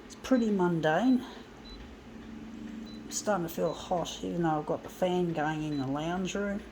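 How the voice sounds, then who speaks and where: A woman's voice: fairly low pitch, unhurried, noisy background. A woman, rambling chattily to viewers as she crafts at home and calling them "folks". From Guam. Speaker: vlogger. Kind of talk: casual crafting vlog. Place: home lounge room with a fan.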